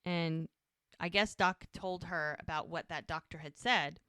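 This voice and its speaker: Lower-voiced woman, podcast co-host, chatty scene-by-scene episode recap, dry close sound. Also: fairly even intonation, measured pace, bright, forceful tone, smooth, no room sound. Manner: retells scenes, slipping into quoted dialogue.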